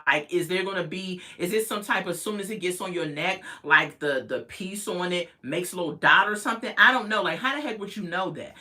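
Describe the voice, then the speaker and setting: Woman doing a reality tv recap, kinda low but bright punchy voice, sassy and chatty. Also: brisk, hardly any pauses. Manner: chatty, sassy and incredulous, with colloquial asides. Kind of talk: casual show recap.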